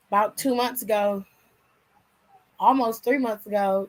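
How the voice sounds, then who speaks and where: A woman's voice: medium pitch, steady tone, a little slow, low-quality recording. A woman hosting a wrestling channel, chatting casually and slangily with viewers on a live stream while tired and yawning.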